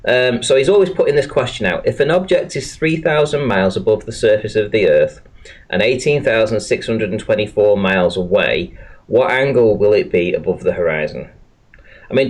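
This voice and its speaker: A man hosting a live online panel, reading viewer questions and steering the talk. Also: lowish voice. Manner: reads chat questions, moderates. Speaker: panel host.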